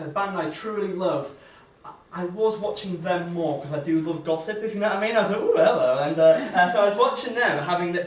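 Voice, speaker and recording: A young man's high-pitched voice sounds roomy and distant from the mic as he does a stand-up set before a live audience at a comedy venue. He's a hesitant comedian, full of fillers and restarts, and laughs often.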